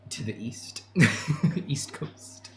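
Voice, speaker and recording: A man's voice: drawn-out words, a little mellow, slight background noise. A man hosting a casual livestream, reading and answering chat messages in a chatty way, laughing often and restarting his sentences. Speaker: channel host answering chat. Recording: echoey room with faint ambience.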